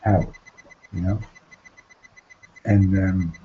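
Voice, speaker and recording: A man's voice: deep voice, steady tone, extremely slow, lo-fi sound, a little hiss or hum. A man giving an informal Torah class. He often repeats himself, asks "right?" and mixes in Hebrew terms that he then translates. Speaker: Torah teacher.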